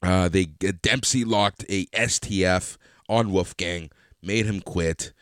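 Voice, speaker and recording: A man's voice: sits low, takes it slowly, a bit bright, no room sound, studio quality. A man co-hosting a podcast, chatting casually and expressively about a wrestling show, swearing and laughing a lot. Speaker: podcast co-host. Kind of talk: casual wrestling recap chat.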